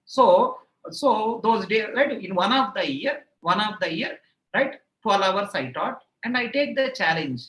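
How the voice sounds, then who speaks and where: A man's voice: high voice, lively intonation, measured pace, a bit bright. Indian English male tutor, chatty live-class asides, looping repetitions, recorded in an echoey room. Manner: repeats phrases, rambling anecdotes, playful self-mockery. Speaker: online exam-prep teacher.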